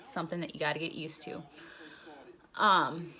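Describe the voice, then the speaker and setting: A woman's voice: low-pitched, fairly even intonation, moderate pace, bright, forceful tone. A young woman casually recounting a personal story, rambling and swearing freely with lots of "like.". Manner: profane, rambling, heavy use of "like". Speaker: storyteller recounting her jail time.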